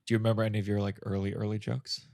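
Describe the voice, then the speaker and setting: A man's voice: lowish voice, monotone, rapid-fire, gravelly, darkish tone. A man hosting a podcast in casual chat, eagerly begging his guest for jokes. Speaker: podcast host.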